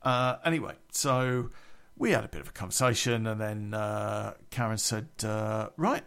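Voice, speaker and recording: A man's voice: lowish voice, fairly even intonation, normal speed, vocal fry, a bit bright, clean tone. A middle-aged man telling a casual anecdote, chatty and laughing often. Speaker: podcast storyteller.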